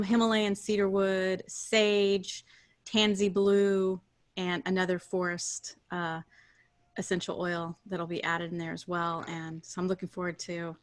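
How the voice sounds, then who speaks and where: A woman co-hosting a spiritual group call, speaking in a soft, affirming way with many fillers. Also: lowish voice. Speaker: co-host.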